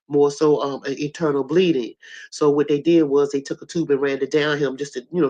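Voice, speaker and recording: A hoarse woman with a cough, telling a story to her audience in a blunt, colorful, animated way. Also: low-pitched, highs cut off. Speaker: host.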